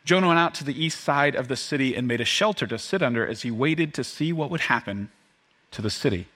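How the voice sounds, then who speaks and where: A man preaching a sermon to his congregation, animated and joking, often acting out the voices of the people in the story. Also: mid-range voice, brisk. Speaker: pastor.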